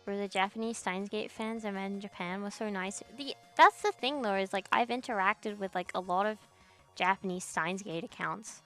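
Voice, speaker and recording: A woman's voice: mid-range voice, moderate pace, a bit bright, soft background music. Blunt, swearing young woman streamer. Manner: blunt, heavy swearing, slangy "bro". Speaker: streamer reading chat. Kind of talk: casual ranting chat.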